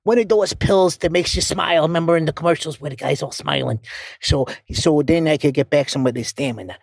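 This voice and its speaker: A man's voice: a little high, brisk, gravelly, dry recording, clean studio sound. A man voicing a nervous, stammering middle-aged male accountant who leaves a rambling voicemail. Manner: stammering, repeating words, flustered. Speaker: voicemail caller.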